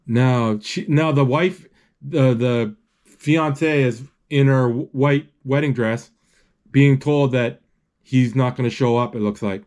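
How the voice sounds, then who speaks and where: Guy narrating a movie as he watches, stumbles and restarts a lot, reads the lines out kinda flat. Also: mid-range voice. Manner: halting, restarts often, reads out dialogue flatly. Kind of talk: casual live retelling of a film.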